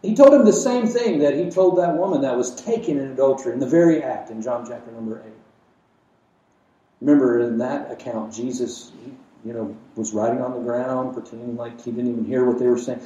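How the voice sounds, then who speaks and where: A man preaching a sermon, emphatic, with rhetorical questions and swings between loud and quiet. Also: medium pitch, a little fast, dull audio. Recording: echoey room, mic at a distance.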